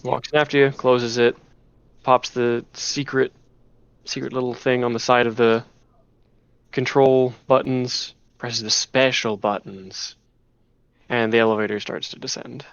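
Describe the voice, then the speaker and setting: A man's voice: medium pitch, fairly even intonation, measured pace, clear, resonant tone, dry recording, muffled recording. A man narrating a tabletop game as game master, rambling with many restarts and fillers. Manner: rambling, full of "you know" and restarts.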